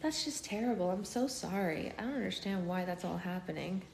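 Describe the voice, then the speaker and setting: A woman's voice: on the low side, animated, a little fast, creaky, a little mellow, rough recording. Woman chatting to her stream viewers from her couch, phone on a tripod, bit of faint hiss behind her. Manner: chatty, answering viewer comments aloud. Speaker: book club livestream host. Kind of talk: casual live-stream chat. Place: at home, on the couch under a blanket.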